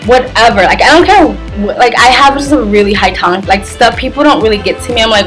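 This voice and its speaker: A young woman vlogger telling a story in a casual, animated way, full of fillers and little laughs. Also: mid-range voice, quick pace, few pauses, faint music behind, rough recording. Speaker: travel vlogger.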